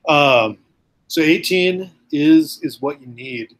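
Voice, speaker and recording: A man's voice: a little high, expressive, slow pace. A man running a tabletop game as game master, rambling with many ums and uhs.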